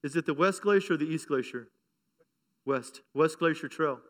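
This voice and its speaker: A man's voice: fairly high pitch, moderate pace, a bit bright. A middle-aged male pastor preaching a sermon, moving from a laughing personal story to fervent, rising exhortation.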